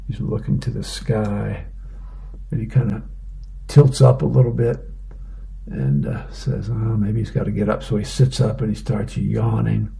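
A man reading the newspaper aloud in a plain, unhurried way for a reading program. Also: lowish voice, fairly even intonation, vocal fry, mellow.

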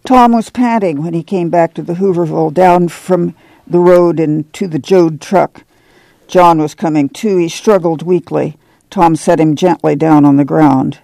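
Gravelly high-voiced man reading aloud. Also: a little slow, mellow, no echo. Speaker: audiobook reader. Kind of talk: scripted narration with character voices.

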